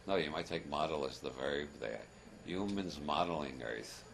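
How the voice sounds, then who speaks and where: A man's voice: a bass voice, expressive, moderate pace, creaky, a crowd in the background. An older man giving a rambling, humorous talk to a live audience, wry and chuckling, wandering off on self-deprecating asides. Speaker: lecturer. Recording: noisy archival audience recording.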